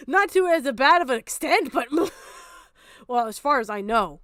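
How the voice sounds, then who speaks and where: A young woman streamer rants angrily through a reaction stream, swearing freely and laughing between outbursts. Her voice is high, and the sound is dry and close. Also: lively intonation, measured pace, long pauses, fairly bright tone, no room sound. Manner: angry, profane ranting with bursts of laughter. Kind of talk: live stream reaction commentary.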